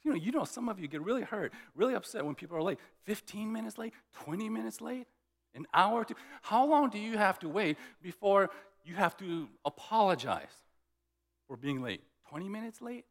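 A man's voice: high voice, lively intonation, a little fast, long reverb tail. A man preaching a sermon, telling a story and acting out both sides of conversations. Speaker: pastor.

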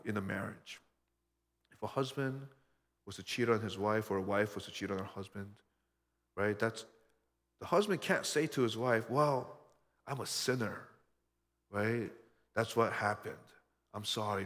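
Male pastor, earnest sermon delivery, many rhetorical questions, long hall reverb. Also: a little high. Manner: earnest, personal storytelling with frequent rhetorical questions.

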